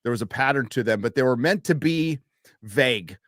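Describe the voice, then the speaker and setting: A man co-hosts a casual talk show, animated and quick to laugh. His pitch moves a lot, and the sound is dry and close. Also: dry recording. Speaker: podcast co-host. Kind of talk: casual chat.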